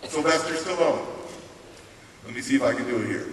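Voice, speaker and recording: A man giving a live motivational speech in a large hall. He tells his story in an animated way and stresses points through repetition. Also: mid-range voice, brisk, long pauses. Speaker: motivational speaker. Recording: echoey hall from far off, faint hiss.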